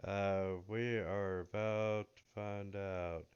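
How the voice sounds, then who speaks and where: A man running a tabletop game as game master, speaking in an unhurried way. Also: lowish voice, level tone, a little mellow, smooth, highs cut off.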